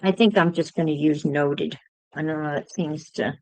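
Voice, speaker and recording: A woman's voice: sits low, steady tone, normal speed, darkish tone, dry recording, poor audio. A woman chatting casually to livestream viewers while she crafts, musing aloud as she works.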